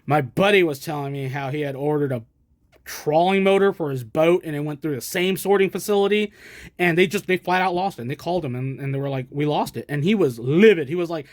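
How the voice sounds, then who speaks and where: A man's voice: fairly high pitch, a little fast, no room sound, clean studio sound. An American man from the States rambling casually as he shows off his vintage equipment, with chatty self-deprecating asides. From United States. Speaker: collector showing vintage gear. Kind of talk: casual show-and-tell. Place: indoors, at a camera stand.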